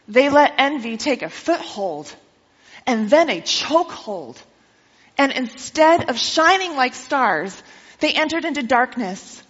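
A woman preacher with a high, bright voice who tells the story in a lively way and keeps asking her listeners questions. The slightly dull recording carries a long reverb from a church sanctuary. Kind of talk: sermon.

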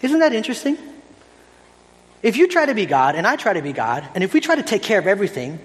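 Animated high-voiced man preaching in a hall. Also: quick pace. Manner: conversational, animated, tags lines with "right?". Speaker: pastor. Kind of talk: sermon.

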